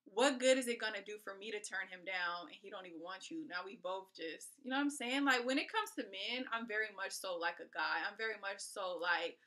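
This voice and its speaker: A woman from California telling a personal story to her viewers in a chatty, animated way. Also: mid-range voice, fairly quick, hardly any pauses. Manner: animated, acts out what people said; chatty, addresses viewers directly. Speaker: storytime vlogger. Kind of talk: casual storytelling.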